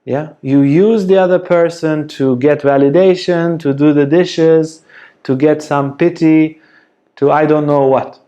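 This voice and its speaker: A man giving a spoken teaching talk, slow and deliberate, often checking in with a soft "yeah?". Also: on the high side, fairly even intonation, muffled recording. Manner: slow, deliberate, gentle delivery with frequent "yeah?". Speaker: yoga teacher.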